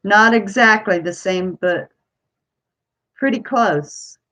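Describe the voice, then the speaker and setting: Slow-talking woman with a Kentucky accent. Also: medium pitch, sharp tone. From Ohio. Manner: chatty, rambling, unhurried. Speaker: vlogger. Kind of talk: casual chat to camera.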